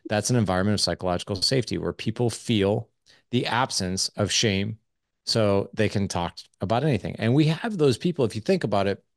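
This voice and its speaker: A man's voice: fairly low pitch, brisk, vocal fry, no room sound, clean studio sound. A man in his forties, a parenting coach on a podcast, talking casually and with energy, acting out bits of dialogue as he goes. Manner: energetic, acts out quoted dialogue; casual, swears lightly. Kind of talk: casual interview conversation.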